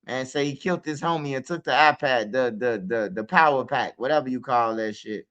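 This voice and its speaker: A streetwise guest with a Chicago accent tells his story casually, profane and peppered with "man" and "bro." His mid-range voice moves fairly quickly with a fairly bright tone, though the stream sound is muffled.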